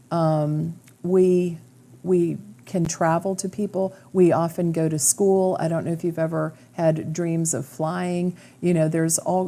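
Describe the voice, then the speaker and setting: Female host, low dark voice, calm, assured explainer. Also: vocal fry. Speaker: radio show host, medium. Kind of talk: interview conversation.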